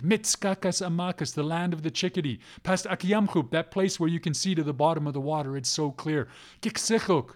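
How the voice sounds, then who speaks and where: Guy telling a legend out loud, kinda high voice, repeats stuff in a rhythm. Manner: rhythmic, repeats phrases and place names. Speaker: storyteller. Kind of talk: oral storytelling of a legend.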